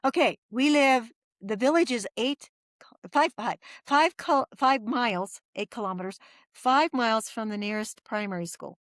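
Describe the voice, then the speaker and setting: A woman's voice: fairly high pitch, moderate pace, no room sound, studio quality. A middle-aged woman telling her story as a podcast guest, acting out the voices of people she quotes. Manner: lively storyteller who acts out quoted voices.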